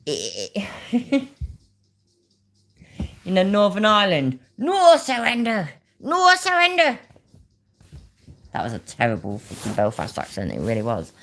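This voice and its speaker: A woman's voice: extremely low pitch, big pitch swings, measured pace, long pauses, faint music behind. A woman giving casual, sweary reaction commentary while reading her chat. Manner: swears a lot, laughs, talks to the chat. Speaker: commentary streamer.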